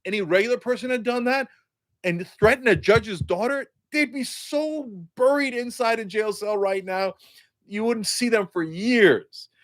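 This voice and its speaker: A man's voice: high-pitched, measured pace. A man hosting a political commentary show, delivering a mocking, sarcastic monologue.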